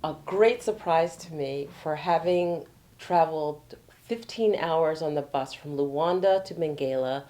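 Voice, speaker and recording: A woman telling a personal travel story with animation, swinging from excited to hushed. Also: deep voice. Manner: animated, excited retelling that drops to hushed tones. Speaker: storyteller sharing her travels.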